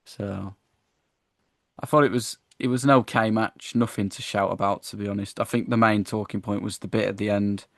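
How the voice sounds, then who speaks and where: A man co-hosting a casual wrestling review podcast, chatty and animated as he retells the show. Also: on the low side, moderate pace, creaky, dry recording, studio quality. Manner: chatty, animated when acting out wrestlers, frequent "I was like". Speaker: podcast co-host.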